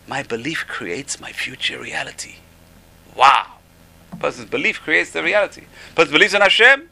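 A man's voice: on the high side, very animated, normal speed, vocal fry, sharp tone, low-quality recording. A man teaching an informal religious class, enthusiastic and repeating how amazing things are. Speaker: Torah teacher.

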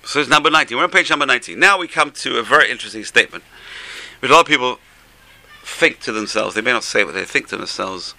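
A man teaching a Torah class as a rabbi, animated and exclamatory, dropping to soft asides and rising to loud emphasis. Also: medium pitch, fast, creaky.

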